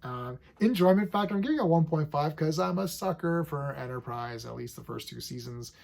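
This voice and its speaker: A man in his forties giving a casual, enthusiastic review of a TV episode, full of fillers and quick acted-out bits of scenes. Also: fairly high pitch, animated, vocal fry, darkish tone. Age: 40s. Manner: chatty and enthusiastic, lots of fillers, acts out scenes.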